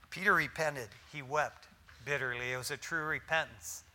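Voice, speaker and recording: With a fairly high pitch at normal speed, a man delivers a sermon as a pastor. He is folksy and animated, full of slangy asides, and ranges from loud emphasis to near-whispers.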